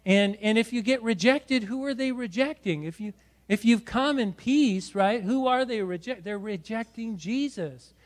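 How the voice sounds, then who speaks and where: A middle-aged man, a pastor preaching a sermon in church, exhorting and often adding "right?". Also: high-pitched. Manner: exhorting, repeats words and adds "right?". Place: church sanctuary.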